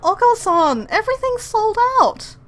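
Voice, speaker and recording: A woman's voice: high-pitched, sing-song, slow, a bit bright, faint music behind, exaggerated voice. A woman reading the lines of an earnest, exasperated young heroine in a game.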